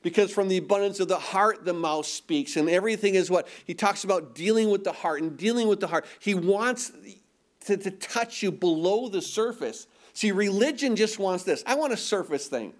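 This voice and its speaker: A man's voice: high voice, moderate pace. A middle-aged male pastor preaching a sermon, asking rhetorical questions and repeating words for emphasis.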